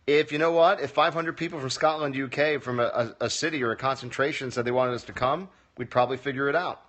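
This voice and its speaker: A man's voice: medium pitch, quick pace, a bit bright. Wry man answering livestream comments. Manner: wry, joking, reads comments aloud and answers. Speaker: comedy teacher answering viewer questions. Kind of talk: casual livestream Q&A. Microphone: phone livestream.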